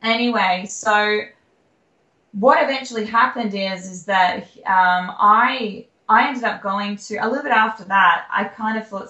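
A woman's voice: medium pitch, measured pace, pushed and bright, highs cut off. A young Australian woman telling her personal story candidly as an interview guest, rambling with fillers and restarts. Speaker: guest, singer-songwriter. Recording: echoey room.

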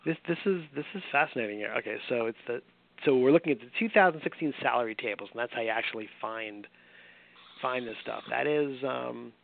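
A man's voice: medium pitch, a little fast, gravelly, no echo. Man hosting a sports call-in chat. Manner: laughs often, restarts words. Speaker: podcast host. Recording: tinny phone-line sound, dry.

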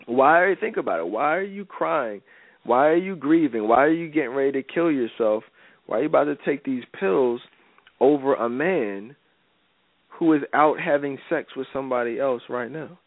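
A man's voice: medium pitch, animated, normal speed, no room sound. Radio host guy preaching relationship advice, slangy and casual, tinny dry phone-ish sound. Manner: casual slangy preaching, repeats "you know what I'm saying". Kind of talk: faith-based advice talk radio.

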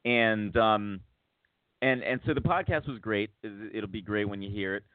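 A man's voice: fairly low pitch, normal speed, no echo. Man rambling through a story, phone-like sound. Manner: rambling, lots of restarts, acts out quotes. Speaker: podcast host. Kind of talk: casual storytelling chat. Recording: tinny phone-like dry sound.

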